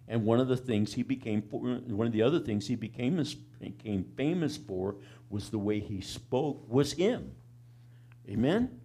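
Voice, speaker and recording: A folksy country preacher, a man of middle pitch who talks in a plain, down-home way. He keeps asking his congregation "amen?" and "all right?" between his points. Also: normal speed, warm tone. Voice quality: plain country-boy way of talking. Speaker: pastor. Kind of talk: sermon.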